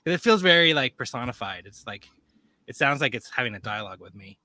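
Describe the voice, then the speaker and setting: A man's voice: mid-range voice, big pitch swings, fast talker, bright, forceful tone, dry recording. A man talking casually as a guest, rambling with many fillers and restarts. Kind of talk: casual chat.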